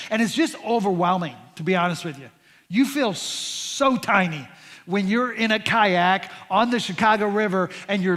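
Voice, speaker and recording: A middle-aged pastor with a high voice tells a story in a chatty, animated way, tripping over his words and starting lines again. His voice rings out in a large church hall with a long reverb. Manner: animated, conversational with many restarts and fillers. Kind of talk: storytelling sermon.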